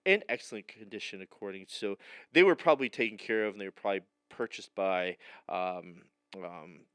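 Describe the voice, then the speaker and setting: A man's voice: lowish voice, a little fast, fairly bright tone, clear, resonant tone, no echo. A man co-hosting a casual podcast, rambling and joking, often stopping mid-sentence and trailing off. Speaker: podcast co-host. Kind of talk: casual chat.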